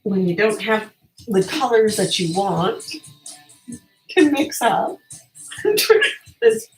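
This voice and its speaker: A woman's voice: medium pitch, expressive, slow pace, soft background music, low-quality recording. A woman, likely older, chatting her way through an art tutorial while hiccuping, rambling and laughing at herself. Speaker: artist. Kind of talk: casual craft tutorial.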